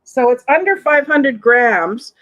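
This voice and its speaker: A woman's voice: high voice, big pitch swings, slow pace, fairly bright tone, lo-fi sound. A woman with a Southern American accent hosting a live online vintage sale in a chatty way, reading viewer comments aloud between descriptions of items. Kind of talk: live-stream sales chat.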